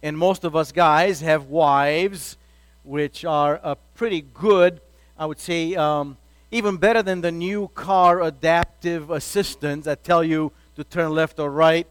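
A man's voice: fairly high pitch, steady tone, a little slow, smooth, no room sound. A man giving a sermon as a pastor, talking in an easy conversational way and acting out everyday quotes.

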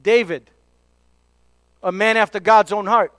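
Male preacher, high voice, smooth and clear, emphatic sermon delivery. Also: steady tone, a little slow, dry recording. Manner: emphatic, drops to hushed tones for key points.

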